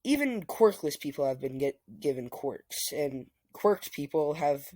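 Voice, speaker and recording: A casual storyteller voicing a calm older male scientist who explains in a measured way. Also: medium pitch, no echo. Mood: explaining.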